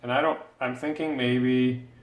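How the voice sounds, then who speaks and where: In a roomy, echoing space, a man with a mid-range voice walks through a drawing lesson step by step, describing each stroke as he makes it. He is unhurried and patient, keeps his intonation fairly even, and encourages the viewer while thinking aloud. A faint hiss or hum sits under the recording.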